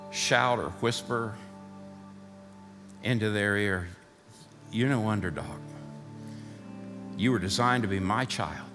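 A male pastor preaching a sermon in a church, building to fired-up shouting and easing into a softer prayer. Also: on the low side, big-room sound. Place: church sanctuary.

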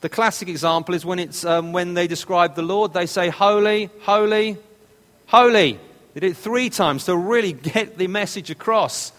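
A man's voice: high voice, fairly quick, hardly any pauses, fairly bright tone. Man preaching in a reverberant hall. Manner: expository, repeats phrases for emphasis. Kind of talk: sermon.

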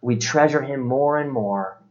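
A man preaching a sermon as pastor, earnest and steady, often sinking low and quiet on solemn points. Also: unhurried, lo-fi sound.

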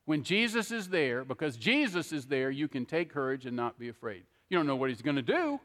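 A man's voice: medium pitch, big pitch swings, a little fast, a bit bright. A middle-aged man preaching a conversational sermon, often checking in with an "okay?". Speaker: pastor. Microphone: handheld microphone. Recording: long hall reverb.

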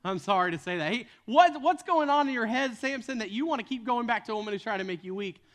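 A man's voice: extremely high pitch, expressive, fast talker, a bit bright. A man preaching a sermon as a retold story, casual in tone with joking asides.

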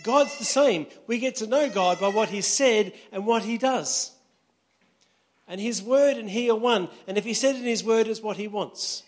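A man preaches to his congregation in an easygoing, conversational sermon, often pausing to check that his listeners follow. His voice sits notably high for a man. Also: faint music behind. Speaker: pastor.

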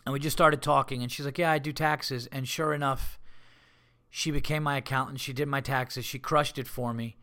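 A man hosting a comedy podcast, telling rambling, profane stories in a casual, animated way. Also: medium pitch, moderate pace.

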